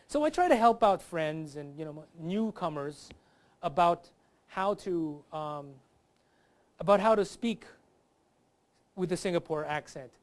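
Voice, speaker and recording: Man, comedian guest, lively stand-up delivery. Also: a little high, unhurried, long pauses. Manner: lively, does accent impressions. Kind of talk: stand-up comedy bit on a talk show.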